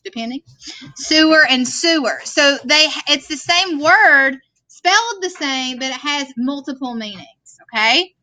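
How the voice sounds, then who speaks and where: A woman's voice: sits high, a little slow, sharp tone, no echo. A woman teaching a vocabulary lesson, patiently explaining words and checking in with "okay?". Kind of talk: classroom worksheet lesson. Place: classroom screen recording.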